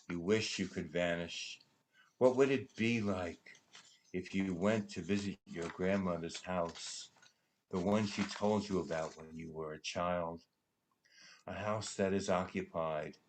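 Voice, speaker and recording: A man reading a prose poem aloud in a slow, dramatic recitation, his voice hushed and trailing into near-whispers at the ends of lines. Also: sits low. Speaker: poetry reader at a benefit concert.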